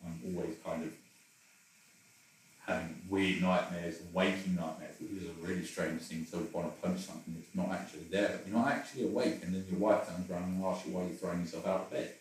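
Man, interview guest, rambling and self-deprecating, somewhat low voice, distant mic in a roomy space. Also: steady tone, a little fast. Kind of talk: candid personal conversation.

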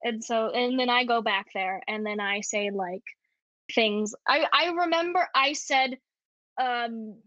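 A woman's voice: on the high side, a little slow, bright, forceful tone, no echo. A young woman with a Canadian accent in casual chat, talking with lots of fillers and frequent laughs. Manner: chatty, laughs often, many fillers. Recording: dull lo-fi sound.

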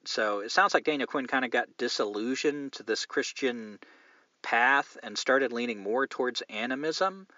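A man's voice: mid-range voice, pushed and bright, no room sound, highs cut off. A man hosting a podcast, reading listener mail and chatting in a candid, meandering, profane way. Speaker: podcast host.

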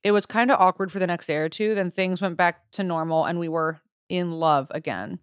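A woman's voice: lowish voice, fairly even intonation, brisk, clear, resonant tone, dry recording, clean studio sound. A young adult woman co-hosting a podcast, reading listener stories aloud with joking asides in casual chat.

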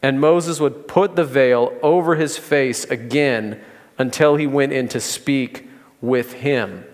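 A man preaching a sermon as pastor, in a conversational way with gentle humor. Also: mid-range voice, slow, long reverb tail. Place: church sanctuary.

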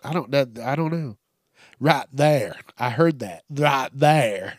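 A man's voice: medium pitch, takes it slowly, no room sound, clean studio sound. A man hosting a solo comedy podcast, rambling loosely with lots of profanity and amusing himself as he goes. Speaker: podcast host.

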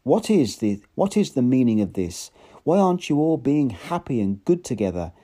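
A man voicing a tender, pleading synthetic baritone voice speaking from a machine. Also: sing-song, normal speed, mellow.

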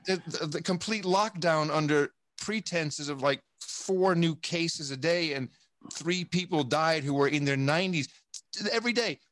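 A podcast guest with a fairly high, somewhat bright voice talks a little slowly in a casual interview, recorded cleanly in a studio with no echo. He rambles and speaks emphatically, swearing often and restarting his sentences.

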